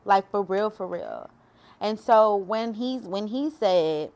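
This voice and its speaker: A woman's voice: medium pitch, moderate pace, a little mellow. A woman sharing a personal faith testimony, emotional and preachy, often talking straight to her viewers. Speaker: faith vlogger.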